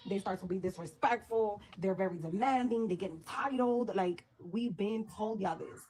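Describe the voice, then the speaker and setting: A woman's voice: medium pitch, moderate pace, a little mellow. A woman from the Dominican Republic delivering a blunt, profane social media rant.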